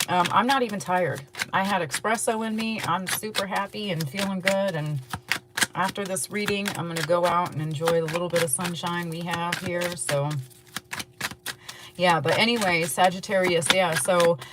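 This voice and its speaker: A woman giving a casual, rambling tarot reading to her viewers, chatting in a relaxed way and yawning now and then. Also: on the low side, normal speed, heavy background noise. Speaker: tarot reader.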